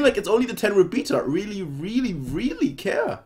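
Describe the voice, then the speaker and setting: A man talking loosely through a manga chapter, his pitch jumping all over as he rambles. He restarts his sentences and piles up fillers, in the tone of casual reaction commentary. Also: sing-song, brisk, hardly any pauses, darkish tone.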